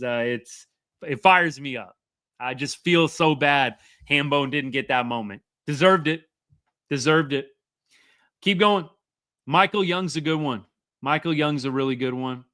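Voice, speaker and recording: A man, hosting a casual live sports chat as an excitable, rambling fan. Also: a little high, clean tone. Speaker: sports podcast host.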